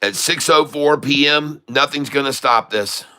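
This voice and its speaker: Guy hyping up a stock chart live, bright forceful voice, folksy and worked up. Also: medium pitch, measured pace, smooth. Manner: excitable, hyped, folksy slang. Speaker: day-trading streamer.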